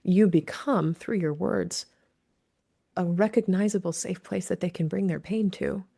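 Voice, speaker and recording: Woman with a low, gravelly, mellow voice. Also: measured pace. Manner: earnest, explains with quoted examples. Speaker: grief expert and author, guest. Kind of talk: conversational interview.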